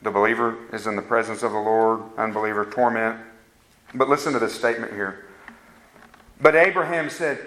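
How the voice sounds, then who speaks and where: A man's voice: lowish voice, fairly even intonation, moderate pace, a bit bright. A man preaching a fervent sermon that rises to emphatic peaks. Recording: echoey room sound.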